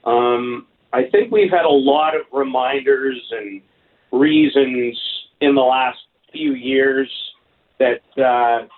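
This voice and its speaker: A man calling in as a hockey color commentator, giving measured, thoughtful sports radio analysis with small restarts. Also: medium pitch. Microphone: phone. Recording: tinny phone line.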